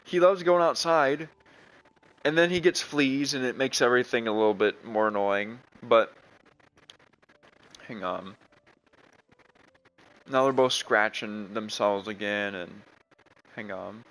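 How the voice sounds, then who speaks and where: A man's voice: mid-range voice, steady tone, slow pace, long pauses, fairly bright tone, low-quality recording. A young man chatting casually while playing a video game, rambling with many restarts. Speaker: gaming streamer.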